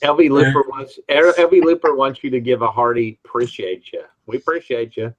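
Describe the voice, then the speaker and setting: A man's voice: medium pitch, steady tone, brisk, dull audio. A man from the Midwest hosting a casual live-stream chat, telling stories with many restarts and reading out viewer comments. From Midwest of the United States. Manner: rambling storyteller with frequent restarts.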